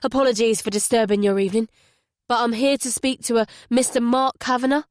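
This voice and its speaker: A woman reading a male detective inspector, firm and urgent but polite. The voice sits fairly high for a man and is recorded dry and close. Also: fairly even intonation, brisk, no room sound, lightly acted. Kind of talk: audiobook character voice.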